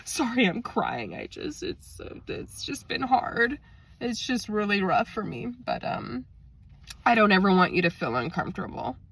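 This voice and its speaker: A woman voicing a flustered, apologetic older female coworker who talks in a soft, pleading, self-pitying way. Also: on the low side, very animated, quick pace, hardly any pauses, far from the mic. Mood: tearful.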